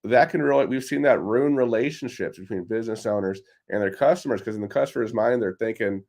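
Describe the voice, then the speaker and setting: Lowish male guest on a call, laptop mic, calm steady explainer. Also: brisk, vocal fry, few pauses. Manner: steady, explanatory, a few fillers. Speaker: tax relief expert guest. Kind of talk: interview answers. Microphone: laptop microphone on a remote call.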